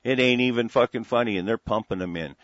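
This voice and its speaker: A man's voice: medium pitch, fast talker, dry recording. Angry man ranting. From United States. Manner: heated, profane, repetitive restarts. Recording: dry, dull lo-fi recording.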